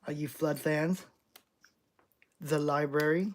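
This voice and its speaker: A man's voice: fairly high pitch, fairly even intonation, slow. A man hosting a live stream, reading chat questions aloud with playful, jokey overreactions. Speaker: channel host.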